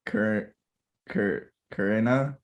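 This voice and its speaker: A man's voice: fairly low pitch, slow, muffled recording. A man hosting a podcast over a video call, chatting casually and rambling, often stumbling and restarting his words. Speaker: podcast host. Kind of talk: casual chat.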